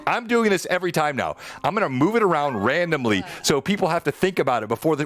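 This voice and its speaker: A man's voice: a little high, lively intonation, quick pace, few pauses, fairly bright tone. A man hosting a live-streamed tabletop game as game master, playful and teasing. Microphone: headphones on, streaming setup.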